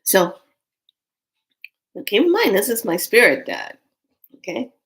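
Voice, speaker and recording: A woman's voice: medium pitch, huge pitch swings, slow, rough recording. A woman telling an emotional personal spiritual story, earnest and speaking directly to her listeners.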